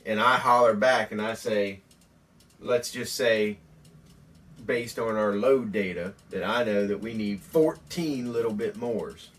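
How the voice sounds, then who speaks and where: A man hosting a mock home tutorial in a folksy, deadpan, rambling way. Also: lowish voice, measured pace, distant mic. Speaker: host.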